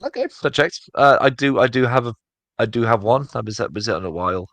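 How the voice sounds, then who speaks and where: A man's voice: medium pitch, fast, fairly bright tone, dry recording. A man co-hosting a casual podcast chat, rambling with many fillers and restarts. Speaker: podcast co-host.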